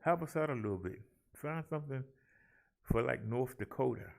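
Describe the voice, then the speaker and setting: Brief: male vlog host, gravelly mid-range voice, theatrical and chatty, addresses the viewers as y'all. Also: mid-range voice, lively intonation, moderate pace, a little mellow. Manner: theatrical, rolls his R's, talks to viewers as y'all. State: out of breath. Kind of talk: casual chat and daily numbers rundown.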